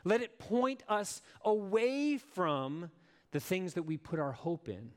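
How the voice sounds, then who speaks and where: A man's voice: sits high, takes it slowly. A man preaching a sermon as a pastor, earnest and emphatic, putting rhetorical questions to his listeners.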